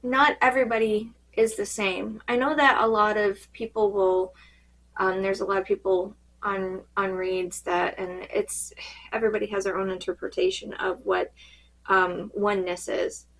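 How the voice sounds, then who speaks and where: A woman reading cards in a casual spiritual check-in, her voice fading and a little hoarse, rambling and halting with many fillers. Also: mid-range voice, little pitch movement, a bit bright, rough recording. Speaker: tarot card reader.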